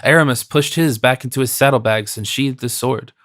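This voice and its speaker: A man narrating an audiobook in a steady, even reading. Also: medium pitch, a little fast, dry recording, studio quality. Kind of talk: scripted narration.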